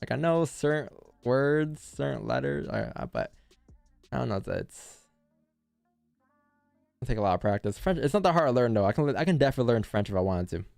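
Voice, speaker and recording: A man's voice: mid-range voice, expressive, fairly quick, creaky, darkish tone, dry recording. A man hosting a live trading stream, chatting casually with viewers and answering chat in loose, slangy talk. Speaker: forex day-trading streamer.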